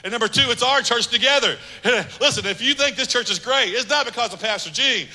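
A man's voice: extremely high pitch, brisk, pushed and bright. A man preaching a sermon as pastor, emphatic, repeating phrases and acting out little quotes. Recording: long hall reverb.

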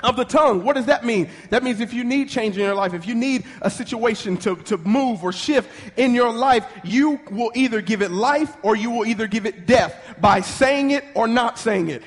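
Animated preacher, high-pitched man, call-and-response delivery; recorded with long church reverb. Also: moderate pace, hardly any pauses. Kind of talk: sermon.

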